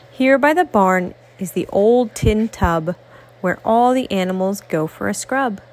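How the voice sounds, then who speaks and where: Slow sing-song woman reading a picture book. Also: medium pitch, expressive, darkish tone. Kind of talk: picture-book read-aloud.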